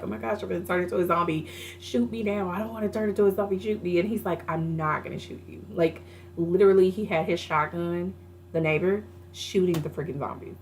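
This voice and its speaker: Brief: young woman, low gravelly voice, chatty movie-review vlog with filler words, faint hiss underneath. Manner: chatty, laughing retelling of scenes with many fillers. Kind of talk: casual spoken movie review.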